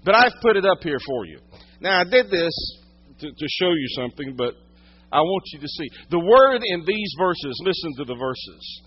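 A man preaching a sermon, teaching from the Bible, swinging from loud emphatic lines to hushed quiet ones. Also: a little high, big pitch swings, normal speed, husky, dull audio. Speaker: pastor.

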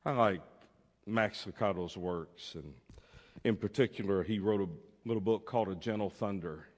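A male pastor preaching a sermon, acting out a story theatrically and swinging between loud proclamations and hushed asides. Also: lowish voice, normal speed. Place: church sanctuary. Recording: long reverb in a church.

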